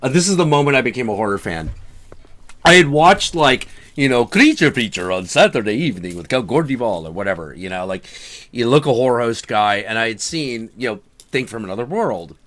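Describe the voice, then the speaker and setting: A man's voice: medium pitch, fairly quick. A man in his thirties hosting a show, telling stories in casual chat with lots of swearing. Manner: animated, profane storyteller. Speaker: show host.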